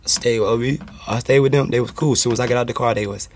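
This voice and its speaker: Man, casual storytelling, animated, plays out quoted voices, faint background hiss. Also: medium pitch, a little fast, creaky. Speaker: guest.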